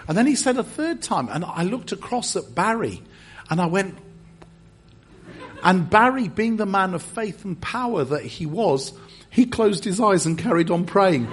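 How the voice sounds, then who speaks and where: A middle-aged English man preaches in a church, spinning a personal story with dry, self-mocking humor. His voice is husky and sits a little high for a man. He stumbles and restarts often as he talks. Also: animated, normal speed, fairly bright tone. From England. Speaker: guest preacher. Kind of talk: storytelling sermon.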